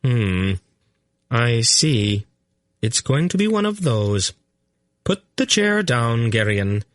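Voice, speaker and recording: A man voicing a calm, firm older woman who speaks carefully to a flustered young man. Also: mid-range voice, slow, no echo, clean studio sound, pitched above the performer's own voice. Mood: calmly firm. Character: calm, commanding older woman, a wise aunt. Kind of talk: audiobook character voice.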